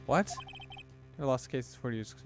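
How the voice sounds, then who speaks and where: A man's voice: medium pitch, animated, moderate pace, lightly acted. A man voicing an anxious young defense lawyer, talking nervously over game music. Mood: worried.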